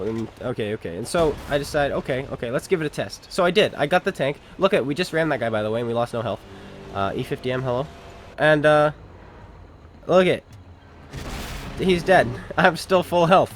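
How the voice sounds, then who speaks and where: A gaming commentator talks at a medium pitch and moderate pace, with a slight hiss or hum in the background. He offers sarcastic, jokey commentary during a tank game, addressing both enemies and viewers as he plays, in a casual gameplay style.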